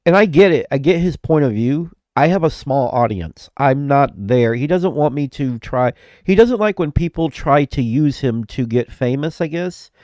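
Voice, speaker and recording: A man with a mellow, relaxed voice chats on a live stream while he is sick with flu-like symptoms. He rambles, breaks off mid-sentence and laughs a lot. The sound is dry and close, with no room echo. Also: on the high side, moderate pace, few pauses. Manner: rambling, self-interrupting, laughs often. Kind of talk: casual live-stream chat.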